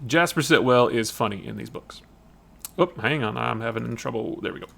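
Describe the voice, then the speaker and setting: A man hosting a casual comic review livestream, talking in a rambling, animated way with many restarts. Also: medium pitch, moderate pace, gravelly. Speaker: comic book streamer.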